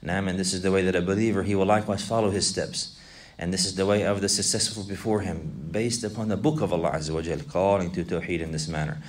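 Low-voiced man teaching a class. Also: fairly even intonation, fast talker. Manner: repetitive, asks students questions, mixes Arabic recitation. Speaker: Islamic teacher. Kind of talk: classroom lesson explaining a text.

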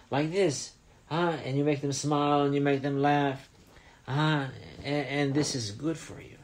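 Gentle man teaching young children. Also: fairly high pitch, fairly even intonation, measured pace, a little hiss or hum. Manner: asks questions, checks in with "huh?". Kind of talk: storytelling lesson for children.

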